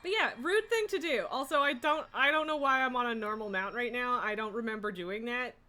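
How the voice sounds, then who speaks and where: A woman's voice: fairly high pitch, fairly quick, pushed and bright, a little hiss or hum. A young adult woman streaming from home, chatting casually, laughing often and teasing her cat. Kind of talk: casual live-stream chat. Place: indoors at home.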